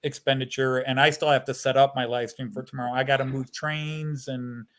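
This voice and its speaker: Bright, jokey man on a live stream. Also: medium pitch, flat delivery, brisk. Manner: jokey, playful phrasing. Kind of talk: casual chat on a live stream.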